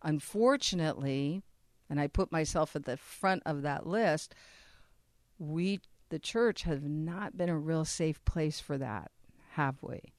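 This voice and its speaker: A woman's voice: sits low, slow pace, no echo, clean studio sound. A woman speaking earnestly to a church audience about abortion recovery, often asking them questions. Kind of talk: conversational church talk.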